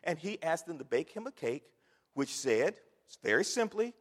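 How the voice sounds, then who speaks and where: A man preaching a sermon, swinging from hushed whispers to loud exhortation. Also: fairly high pitch, sing-song, moderate pace. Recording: long hall reverb.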